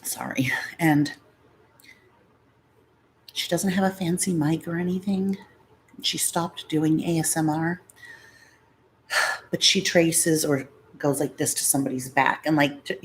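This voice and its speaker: A woman's voice: low voice, a little slow, long pauses, slight background noise. A woman vlogger chatting casually to camera at home, rambling through stories.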